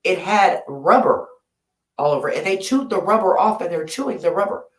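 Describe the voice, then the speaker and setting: In a lowish, animated voice at a fairly quick pace, a woman runs a late-night livestream from her home. She chats casually, rambling and laughing while growing sleepy; the laptop or phone mic sits in an echoey room.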